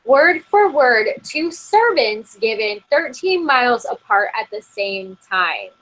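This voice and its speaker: This podcast co-host speaks slowly in a sing-song, fairly bright voice that sits on the high side, though the remote-call audio is poor. Giggly and relaxed, she reads a spooky article aloud and peppers it with "like."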